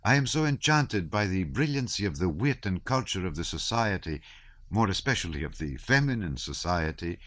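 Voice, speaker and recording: A man doing a sugary, flattering Italian guest. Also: sits low, moderate pace, no room sound. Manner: affected, sugary.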